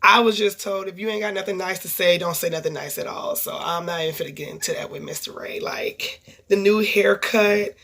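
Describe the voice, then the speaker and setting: A woman's voice: lowish voice, a little fast, creaky, fairly bright tone. A woman casually recapping a reality TV episode in a blunt, profane, gossipy way, telling the story with lots of asides. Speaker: TV show reviewer.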